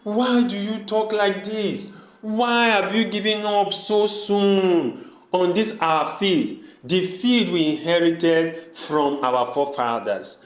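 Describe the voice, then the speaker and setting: A man playing a pleading, slow-spoken brother. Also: high voice. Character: earnest man pleading with his brother to stay. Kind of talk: amateur audio drama acting. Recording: echoey room.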